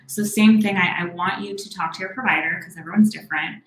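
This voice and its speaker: Young woman therapist doing a live q&a, kinda low voice, lots of ums, roomy echo. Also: a little hiss or hum. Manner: quick, warm-toned advice with many "um"s and restarts. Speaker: therapist answering live questions. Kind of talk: live Q&A, casual explanation. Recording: echoey room.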